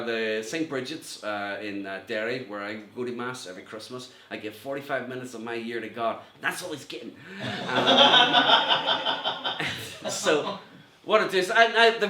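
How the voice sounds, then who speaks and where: A middle-aged man with a Northern Irish accent doing a rambling, self-mocking stand-up set from home, laughing at his own jokes. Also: medium pitch. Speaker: stand-up comedian. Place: room at home with a mirror. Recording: echoey room, faint noise.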